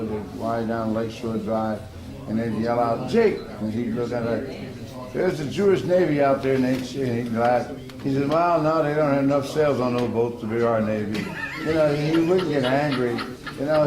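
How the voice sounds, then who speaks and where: A man's voice: medium pitch, reverberant, low-quality recording. Man telling baseball stories, laughing. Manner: lively, laughing anecdotes. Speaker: former ballplayer. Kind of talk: storytelling interview.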